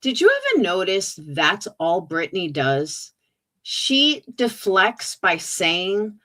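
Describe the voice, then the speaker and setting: A woman's voice: medium pitch, very animated, slow, a bit bright. A woman streamer giving sarcastic, mocking commentary on clips.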